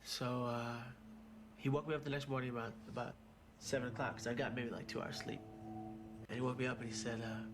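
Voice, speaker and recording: A man telling a personal story in a documentary interview, halting and repeating his words as he goes. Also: medium pitch, little pitch movement, very noisy. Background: music.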